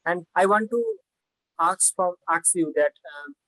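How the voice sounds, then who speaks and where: A woman's voice: lowish voice, unhurried, a bit bright, no echo, rough recording. A young woman with a Bengali accent, a native Bengali speaker learning English, talking hesitantly and repeating words on a video call. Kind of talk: online lesson conversation.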